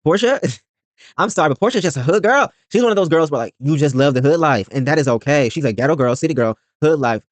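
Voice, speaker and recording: A man's voice: fairly high pitch, lively intonation, fast talker, no room sound. A man hosting a reaction video, recapping a reality show in a rambling, blunt and profane way.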